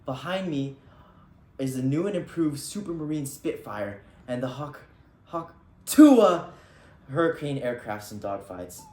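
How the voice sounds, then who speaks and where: A man's voice: mid-range voice, normal speed, darkish tone. A man clowning through a reporter part in a comedic mock newscast, mock-serious. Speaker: field reporter. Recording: echoey room.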